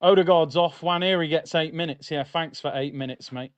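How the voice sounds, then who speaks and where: A young man hosting a live football watchalong, chatting in slang and getting loud at big moments. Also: on the high side, fairly quick, no echo. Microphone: streaming mic.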